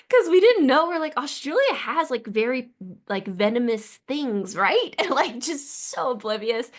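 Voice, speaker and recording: Woman co-host, fairly high voice, rambling animated storyteller, heavy "like" habit. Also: normal speed. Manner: animated, filler-heavy with constant "like". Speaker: podcast co-host. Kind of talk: casual chat, storytelling.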